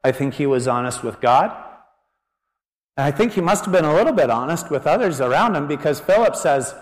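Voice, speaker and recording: A man delivers a conversational sermon as a pastor, animated and quick to joke as he reasons aloud. His voice sits a bit high and swings widely in pitch. The sound carries the long echo of a large hall. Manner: animated, joking, thinking aloud.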